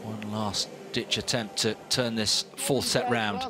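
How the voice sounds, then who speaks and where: A man's voice: on the low side, measured pace, over loud music. A man giving live play-by-play commentary on a volleyball match, lifting his voice on big points. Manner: animated, rising with big points. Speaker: sports commentator.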